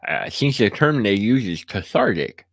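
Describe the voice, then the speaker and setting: Lowish guy playing a game, dry sound, kinda teasing, stammers a bit. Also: very animated, moderate pace, creaky, no echo. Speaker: player. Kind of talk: casual in-character play.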